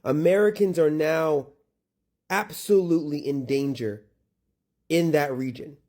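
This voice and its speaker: A man's voice: fairly high pitch, unhurried, a little mellow. A man in an indignant political rant, firing rhetorical questions and swearing.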